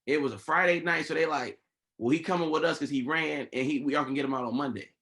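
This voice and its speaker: A man hosting a podcast in casual chat, telling a story with lively, acted-out quotes from the people in it. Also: on the high side, fast. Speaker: podcast host.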